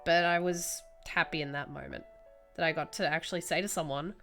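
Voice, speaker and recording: Young aussie woman chatting while she draws, bright voice, swears a lot, acts out the bits, faint music behind. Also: deep voice, fairly quick. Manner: animated, swears freely, acts out reactions. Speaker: streamer. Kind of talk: casual storytelling while drawing.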